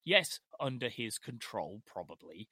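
A man's voice: on the low side, sing-song, measured pace, pushed and bright, slightly rough, no echo, clean studio sound. A middle-aged man co-hosting a casual film discussion podcast, chatty with hesitant restarts. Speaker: podcast co-host.

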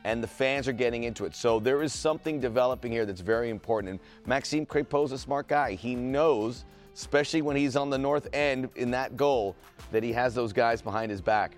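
Measured man talking soccer. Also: mid-range voice, faint music behind. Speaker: co-host. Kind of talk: casual sports chat.

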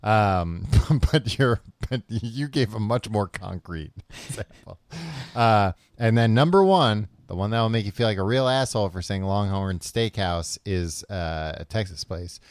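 A man's voice: on the low side, expressive, a little slow, few pauses, no room sound, clean studio sound. A man co-hosting a comedy podcast, casually reading out a list with sarcastic teasing. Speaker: podcast co-host.

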